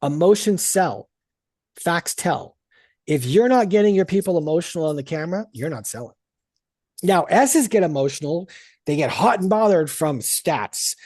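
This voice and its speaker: A woman's voice: fairly low pitch, moderate pace, breathy edge, dry recording. Blunt, salty woman sales coach. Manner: blunt, profane, energetic. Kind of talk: live group coaching call.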